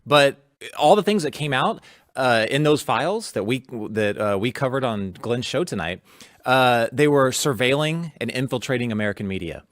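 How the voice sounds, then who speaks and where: A man as a talk show guest, animated and indignant about politics. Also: medium pitch, moderate pace, no room sound, clean studio sound. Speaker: guest, former FBI agent.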